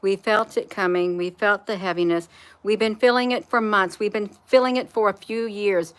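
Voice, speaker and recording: A woman's voice: medium pitch, moderate pace. A woman talking earnestly on a live stream, repeating herself for emphasis and reading viewer comments aloud. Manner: repetitive, earnest, reads chat comments aloud. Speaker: spiritual vlogger.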